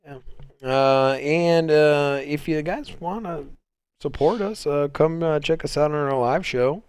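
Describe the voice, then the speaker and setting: A man's voice: on the high side, a little slow, darkish tone, clear, resonant tone, no room sound. A man hosting a casual crypto livestream, rambling along with lots of fillers and restarts. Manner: rambling, laid-back, many fillers and restarts. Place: home, on a Sunday livestream.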